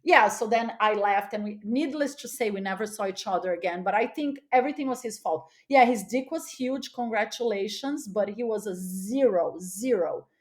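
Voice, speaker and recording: A woman guest on a podcast telling a candid, animated story, often laughing and repeating words for emphasis. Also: mid-range voice, moderate pace, hardly any pauses.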